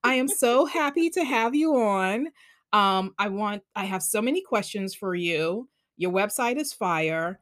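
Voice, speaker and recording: Long island lady hosting a podcast, bubbly and excited, dry sound. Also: medium pitch, unhurried, dry recording. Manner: bubbly, enthusiastic, chatty. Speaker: podcast host. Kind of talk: casual podcast chat.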